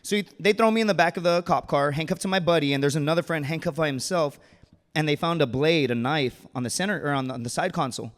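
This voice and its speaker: A man's voice: fairly high pitch, quick pace. A man in his thirties telling a true story on stage, casual and joking, with slangy asides and chuckles. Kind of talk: live personal storytelling. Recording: reverberant hall.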